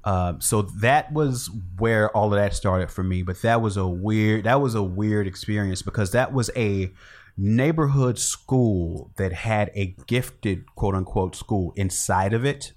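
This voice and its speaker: A man from Chicago, a rapper guest, telling stories in a relaxed, wry, self-deprecating way. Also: fairly low pitch, a little slow. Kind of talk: casual interview.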